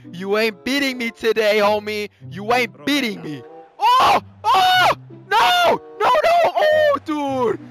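A gamer giving excitable let's play commentary, yelping at near misses and dropping Spanish exclamations into English. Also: medium pitch. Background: faint background music.

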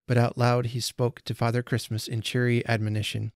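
A man hosting a podcast, reading a story aloud in measured, unhurried narration. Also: mid-range voice, completely flat delivery, no echo, clean studio sound. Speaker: podcast host.

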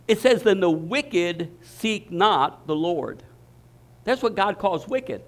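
An older man delivering a sermon in a notably high voice. He preaches with emphasis, often restarting and repeating phrases as he drives his points home. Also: animated, slow. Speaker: pastor.

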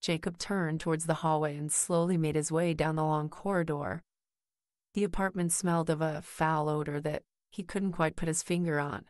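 A woman reads a horror story aloud in a low voice. Her delivery is slow and measured. The recording is dry and close. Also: fairly even intonation, no echo. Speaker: narrator. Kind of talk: scripted horror story narration.

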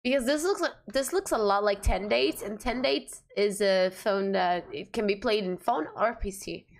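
A woman's voice: medium pitch, moderate pace, creaky. A woman streamer giving casual, blunt commentary on a game, swearing freely and laughing often.

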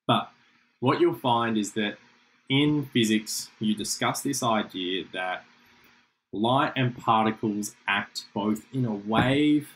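A man's voice: lowish voice, slow, a bit bright, slight background noise, low-quality recording. A young man giving a casual, chatty chemistry revision lecture, explaining with asides.

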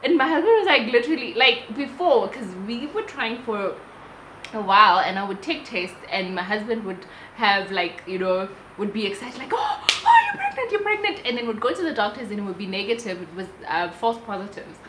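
A woman's voice: mid-range voice, brisk. Chatty South African woman, roomy sound. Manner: animated, chatty, restarts sentences. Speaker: vlogger. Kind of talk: casual storytelling to camera. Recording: roomy room with faint ambient noise.

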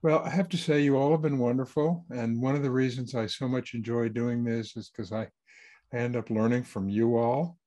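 Male author on a video call, mid pitch, relaxed and anecdotal. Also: moderate pace. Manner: easygoing, anecdotal. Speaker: published author answering questions. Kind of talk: online Q&A talk.

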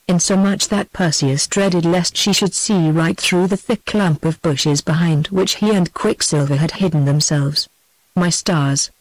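A text-to-speech woman's voice with a British English accent, reading a storybook aloud in an even synthetic manner. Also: fairly low pitch, dry recording, rough recording. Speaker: narrator. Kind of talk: text-to-speech audiobook narration.

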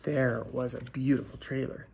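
A man reading a children's picture book aloud, unhurried, often dropping to a whisper. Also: mid-range voice, little pitch movement, vocal fry, darkish tone, slight background noise. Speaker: storybook reader. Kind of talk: children's story read aloud.

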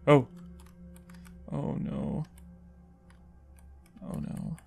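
A man with a high, bright voice narrates his horror game playthrough in an unhurried drawl. He swears freely and yells at the game in panic when things go wrong. Faint music plays behind his commentary. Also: expressive. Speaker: gamer playing a horror game. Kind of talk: let's play commentary.

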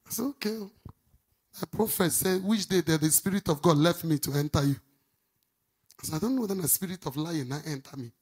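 A middle-aged woman pastor preaching a sermon, swinging from loud outbursts to quiet asides. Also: brisk, husky. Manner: animated preaching, swinging between shouts and low asides.

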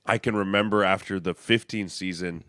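A man's voice: sits low, fairly even intonation, bright, forceful tone, no room sound, studio quality. A man co-hosting a football podcast, talking through team moves in a chatty, analytical way. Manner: chatty and analytical, with quick asides. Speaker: podcast co-host, former NFL lineman. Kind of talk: casual podcast chat.

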